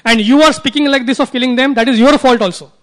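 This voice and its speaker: A man, voicing a gentle, forgiving young queen and mother figure in an earnest, tender way while telling a sacred story in a sermon. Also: very high-pitched, fast, voice pushed up. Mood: gently reproving.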